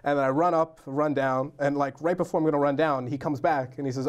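A young man, a novelist guest on a talk show, telling stories in a lively way and acting out the quotes. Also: fairly high pitch, quick pace. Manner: animated storyteller, acts out quotes. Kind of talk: casual talk show chat.

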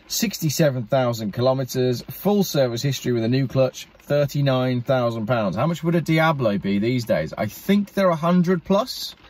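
A man's voice: fairly high pitch, a little mellow. A man hosting a car channel, chatting casually and enthusiastically while speaking directly to viewers. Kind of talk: casual talk to camera.

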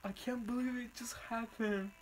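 A reaction video host with an Arabic accent and Arabic as a native language, gushing about a song in halting English full of fillers. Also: mid-range voice, steady tone, slight background noise, poor audio. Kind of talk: excited music reaction vlog.

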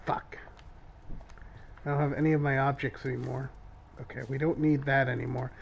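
A man's voice: mid-range voice, flat delivery, vocal fry, lo-fi sound, slight background noise. A man co-hosting a horror game stream in casual chat, swearing often as he plays. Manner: swears a lot, drawn-out and anxious. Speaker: co-host playing a horror game.

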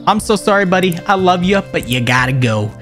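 A man streaming a video game, chatting in a playful, joking way and jumping into excited exclamations. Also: fairly quick, soft background music. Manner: playful, jokey, bursts into excited high exclamations. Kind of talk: casual gameplay commentary.

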